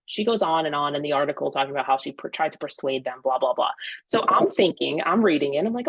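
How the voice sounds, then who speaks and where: A woman hosting a podcast, telling stories in an animated, emphatic way. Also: low-pitched, fast talker, no room sound, rough recording. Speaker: podcast host. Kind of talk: casual podcast chat.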